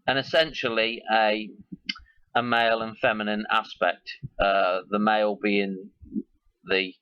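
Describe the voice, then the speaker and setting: A man's voice: on the low side, level tone, a little slow, clear, resonant tone, no echo, dull audio. A man hosting his own video, talking casually and in a rambling way as he links one idea to the next. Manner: musing, loosely connects ideas. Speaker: video host.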